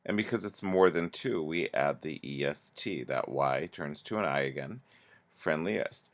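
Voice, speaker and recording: A man with a very low, gravelly voice walks through a grammar lesson. He talks slowly and patiently, pausing often and restarting his sentences as he explains each example. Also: expressive. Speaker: teacher.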